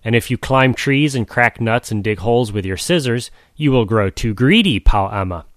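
A man's voice: mid-range voice, animated, moderate pace, no room sound, clean studio sound, close to an everyday voice. A man voicing a stern, commanding old male magician in a storybook reading, who hands down decrees.

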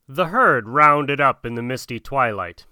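Male narrator, storybook reading, bright crisp voice, dry close sound. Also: mid-range voice, measured pace, no room sound. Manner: expressive, dramatic.

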